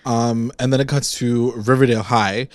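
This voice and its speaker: A man's voice: medium pitch, fairly even intonation, normal speed, dry recording. Chill guy podcast host, slangy recap chat, dry close mic, mid voice. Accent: Canadian. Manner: laid-back slangy retelling with acted-out quotes.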